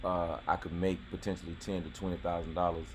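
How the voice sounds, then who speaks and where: A man with a very low voice chats casually as a show host. He talks in a relaxed, rambling way, full of ums and restarts. Faint background noise sits behind him. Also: fast. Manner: laid-back, many fillers and restarts. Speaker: YouTube host. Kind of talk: casual podcast chat.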